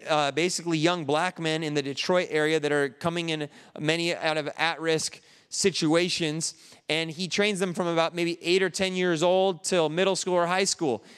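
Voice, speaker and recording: Grieving male pastor, earnest conversational sermon, slightly high clear voice, church hall reverb. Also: fairly bright tone. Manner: earnest, conversational preaching with restarts.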